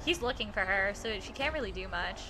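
A woman streaming a game, chatting casually and often yelling at the action. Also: mid-range voice, animated, a little fast, soft background music. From United States. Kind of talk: casual gaming stream chat.

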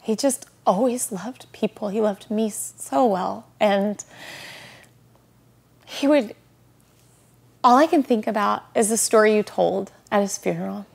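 A woman, a guest on an interview, talks in an earnest, heartfelt way about faith and loss, slowing and softening on key words. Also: mid-range voice, creaky, slightly rough. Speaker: guest, widow sharing her story.

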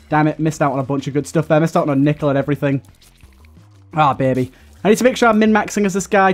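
A young man with a fairly high voice delivers loose, rambling gameplay commentary. He sounds exasperated, full of fillers and restarts as he talks through his run. Faint game music plays behind him. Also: darkish tone. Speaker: gaming YouTuber. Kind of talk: casual let's-play commentary.

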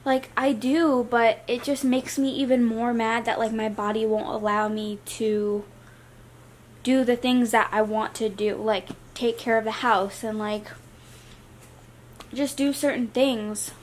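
A young adult woman vlogger talking casually to the camera in a chatty, rambling, soft-spoken way. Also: a little high, steady tone, measured pace, slight background noise.

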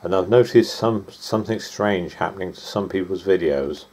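A man talks in a loose, rambling way, stopping often for asides and fillers. His voice has a gravelly, creaky edge. A faint hiss sits behind him. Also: low-pitched, moderate pace, a little mellow, rough recording. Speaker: video maker. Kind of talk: casual commentary over clips.

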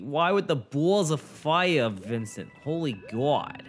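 A man's voice: fairly high pitch, animated, slow pace, hardly any pauses, faint music behind. A young man commentating his own gameplay, swearing, boasting and getting frustrated as he talks to a friend. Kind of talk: swearing let's-play commentary.

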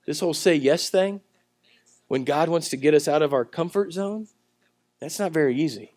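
A man preaching a sermon at a church service, telling the story in a conversational way and swinging between loud, emphatic lines and quiet ones. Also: on the high side, a little fast, dry recording. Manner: conversational storytelling with acted-out voices. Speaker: pastor.

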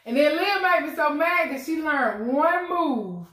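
A woman's voice: high-pitched, expressive, measured pace, a bit bright. Playful laughing woman, roomy sound. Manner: playful trash talk, laughs often. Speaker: mukbang host. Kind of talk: casual banter while eating.

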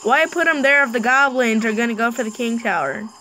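A woman giving chatty, live play-by-play commentary on her own mobile game match, with excited bursts. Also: on the high side, brisk, slight background noise, rough recording. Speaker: gaming channel host.

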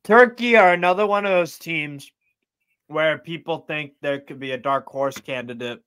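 A man's voice: on the high side, normal speed, a bit bright, clean tone. A man co-hosting a casual football podcast, teasing and easygoing as he gives his predictions. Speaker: podcast co-host.

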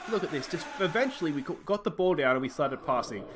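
A young Australian man casually commentating his own football management game, thinking aloud and breaking into excited shouts at goals. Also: on the high side, quick pace, background noise. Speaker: let's play host.

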